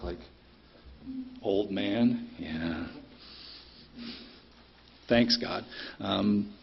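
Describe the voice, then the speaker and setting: A middle-aged man speaks in a somewhat low, husky voice, sharing his story at a recovery meeting. His talk is plainspoken and blunt, full of ums and the odd curse. The meeting-room recording sounds dull and lo-fi. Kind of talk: personal recovery share.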